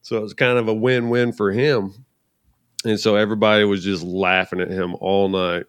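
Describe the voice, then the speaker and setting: A man's voice: fairly low pitch, little pitch movement, moderate pace, smooth, no room sound. A man hosting a podcast, telling a story in a laid-back, easygoing way. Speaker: podcast host. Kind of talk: casual chat.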